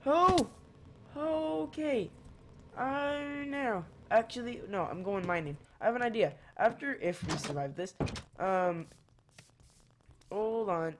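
Slow, rambling male gamer. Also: high voice, expressive, background noise. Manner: rambling, jokey, talks to the viewers and his cat. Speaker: gaming channel host. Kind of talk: casual gameplay commentary.

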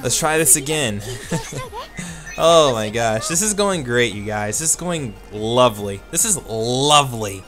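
A man commentating his own online fighting game matches, animated and self-deprecating, with quick outbursts and laughs. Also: mid-range voice. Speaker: gaming YouTuber. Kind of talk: let's play commentary. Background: game music.

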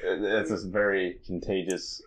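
A man's voice: deep voice, little pitch movement, moderate pace. A man hosting a casual interview who chats along and jokes around with his guests. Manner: joking, chatty.

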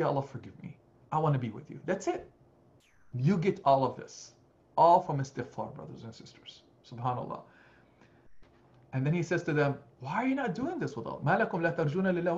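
A male imam preaches a Sunday lecture, earnest and animated, his voice a little high for a man. He often breaks off and restarts phrases as he explains. The recording sounds dull and lo-fi. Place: mosque community hall.

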